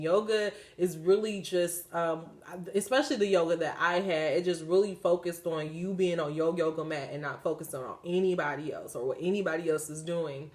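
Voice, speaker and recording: A woman's voice: lowish voice, a little mellow. A woman giving a spiritual card reading, switching between reading card texts and chatty asides full of "like". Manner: chatty, leans on "like" fillers when speaking off the cuff. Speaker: oracle card reader.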